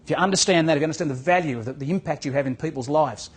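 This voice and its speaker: A man's voice: fairly high pitch, very fast, husky. A man giving a motivational talk to real estate agents as a business coach, telling a story and acting out its dialogue. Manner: storytelling, acts out dialogue, repeats words.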